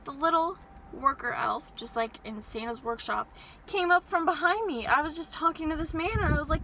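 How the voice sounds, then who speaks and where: A young woman telling an animated, exasperated story-time rant from her parked car. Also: high voice, fairly quick, background noise. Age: young adult. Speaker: vlogger.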